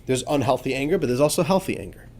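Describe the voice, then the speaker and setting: A man, a rabbi, teaching a religious text in an emphatic lesson, moving between quiet asides and fervent, urgent outbursts. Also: medium pitch, lively intonation, very fast.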